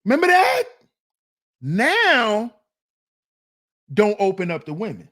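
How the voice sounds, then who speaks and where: A man hosting a solo commentary show, reacting to a clip with teasing, drawn-out rhetorical questions. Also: high voice, huge pitch swings, fairly bright tone. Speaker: commentary channel host.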